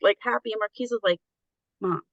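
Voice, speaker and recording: A woman's voice: mid-range voice, fairly even intonation, a little fast, no room sound, muffled recording. A woman guest in a casual conversation, telling stories about her family and laughing easily.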